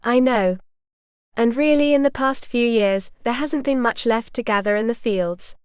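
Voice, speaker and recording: A woman voicing a weary young noblewoman on the run, speaking softly and earnestly in a smooth voice. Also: a little high, moderate pace, no echo, clean studio sound, natural voice.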